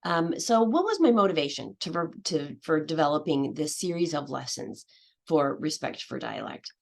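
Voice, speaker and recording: A middle-aged woman teacher gives a conference talk, her low voice carrying a gravelly edge of vocal fry. She talks hesitantly, filling pauses with ums and starting phrases over. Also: big pitch swings, darkish tone. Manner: hesitant, many fillers and restarts. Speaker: English language teacher. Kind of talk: conference presentation.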